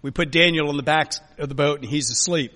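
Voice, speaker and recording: A man preaching a sermon as a pastor, emphatic, swinging between loud urging and quiet, soft lines. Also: fairly high pitch, fast talker. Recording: long hall reverb.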